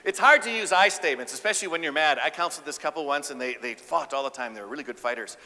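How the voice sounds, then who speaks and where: Bright-voiced man giving a comic keynote. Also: fairly high pitch, fast. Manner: animated, acts out voices, audience banter. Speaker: keynote speaker and relationship counselor. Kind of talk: humorous keynote speech. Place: conference stage before a live audience. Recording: echoey conference hall.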